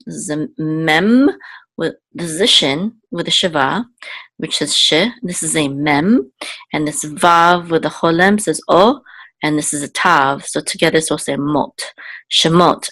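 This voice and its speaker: A woman's voice: deep voice, a bit bright, no echo. A woman teaching Hebrew reading, spelling out letters and vowels and repeating each word patiently with frequent okays and ums. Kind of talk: slow spoken lesson, spelling out letters and vowels.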